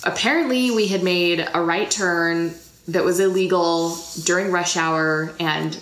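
Lower-voiced young woman, echoey room. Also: fairly even intonation, unhurried, fairly bright tone. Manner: chatty, laughs while telling. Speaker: podcast co-host. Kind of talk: casual chat.

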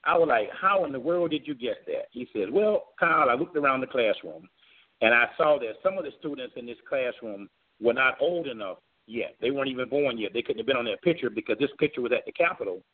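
A man from Florida tells a long personal story to a talk show host, earnest and steady at a middle pitch. He acts out the voices of the people in his tale. His voice comes through a thin, tinny line that sounds like a phone. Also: fast talker. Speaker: guest, former governor candidate.

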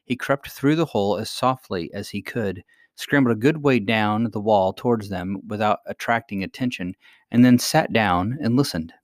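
A man narrating a storybook aloud in a steady, even read. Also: lowish voice, no room sound, studio quality. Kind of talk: storybook reading.

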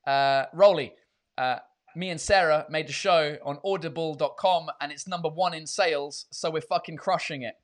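Stammering, swearing live-stream host. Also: male voice, a little high, normal speed. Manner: repeats words when starting, swears casually. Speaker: podcast host. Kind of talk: casual live-stream chat.

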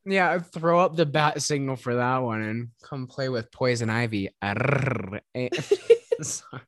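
A man's voice: medium pitch, measured pace, no room sound. A man with a Midwestern accent co-hosting a podcast, bantering playfully with frequent giggles. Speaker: podcast co-host. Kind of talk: casual chat.

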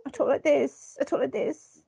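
A woman's voice: high-pitched, vocal fry, mellow, no echo, pitched above the performer's own voice. A woman voicing a meek, nervous young man who stammers and fumbles over his words. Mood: meek, flustered. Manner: stammering, halting.

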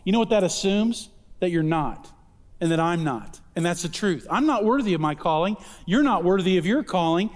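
Man preaching, high voice, emphatic, quick asides and slow stressed words, long hall echo. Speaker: pastor. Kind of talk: sermon.

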